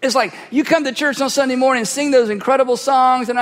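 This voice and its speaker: A male pastor delivers an emphatic sermon, hammering his points home by repeating phrases. His voice sits notably high for a man. The sound carries a long reverb from a big church hall. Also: steady tone, fast talker. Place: church sanctuary. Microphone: cheek microphone.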